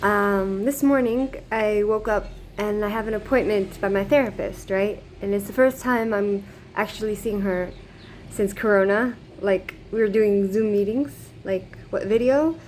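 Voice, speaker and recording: A woman vlogging a story to her camera in a casual, rambling way, with plenty of fillers and restarts. Her voice sits at an ordinary middle pitch. A faint background hiss runs under the recording. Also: a little slow, a little mellow. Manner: rambling, many fillers and restarts, laughs often. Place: living in Israel.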